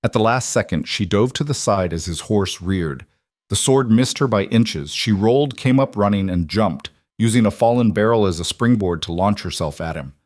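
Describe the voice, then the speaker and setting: Male narrator for dramatic fiction, low voice, dry close recording. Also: normal speed, no echo. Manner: steady, dramatic storytelling. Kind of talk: scripted narration.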